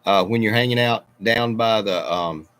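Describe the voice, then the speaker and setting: A man's voice: fairly low pitch, normal speed, a bit bright. A middle-aged man hosting a casual livestream, rambling through viewer comments and wandering off on tangents as he talks. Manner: rambling, meandering, self-interrupting. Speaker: livestream host. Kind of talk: casual live chat reading viewer comments.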